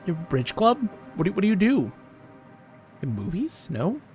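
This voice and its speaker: A man's voice: high voice, huge pitch swings, normal speed, a little mellow, soft background music. A man streaming a game live, chatting casually and joking with the characters on screen. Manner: rambling, jokey, talks to game characters. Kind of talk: casual live gameplay chat.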